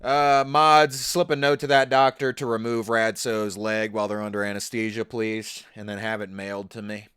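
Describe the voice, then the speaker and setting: A man's voice: fairly low pitch, flat delivery, normal speed, few pauses, a bit bright, clear, resonant tone. A man live-streaming, reacting in a casual, profane, incredulous and mocking way. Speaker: livestreamer.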